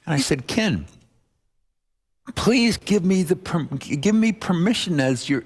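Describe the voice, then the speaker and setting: A man's voice: sits high, sing-song, a little slow, long pauses, breathy edge. A man preaching, telling a story and acting out the dialogue as he goes. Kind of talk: sermon storytelling. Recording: music playing underneath.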